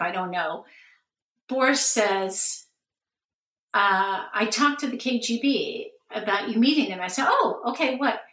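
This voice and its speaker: Bright, animated woman telling stories. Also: on the high side. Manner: animated, acts out quoted voices. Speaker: guest. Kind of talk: lively storytelling interview. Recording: roomy and distant from the mic.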